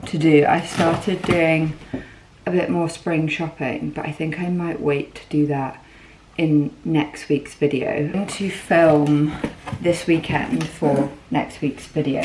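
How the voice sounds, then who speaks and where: A young woman casually chatting through her day as a vlogger, showing food and clothes at home. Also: lowish voice. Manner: chatty, matter-of-fact commentary while showing things. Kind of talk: casual vlog chat. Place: home, indoors. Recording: noticeable background noise.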